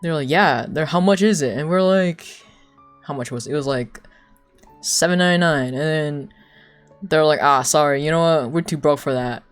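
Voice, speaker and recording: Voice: moderate pace, smooth, soft background music. Rambling young streamer telling a story. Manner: rambling, heavy use of "like", swears, laughs between lines; acts out quoted people with sudden pitch jumps. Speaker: livestreamer. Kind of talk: casual storytelling to chat.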